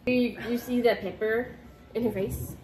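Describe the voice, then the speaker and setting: A woman's voice: a little high, fairly even intonation, normal speed, darkish tone, a little hiss or hum. A young woman co-hosting a soda challenge, teasing her partner, laughing a lot and counting down each round. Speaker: co-host running the challenge. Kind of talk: casual chat. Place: house, indoors. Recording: roomy echo.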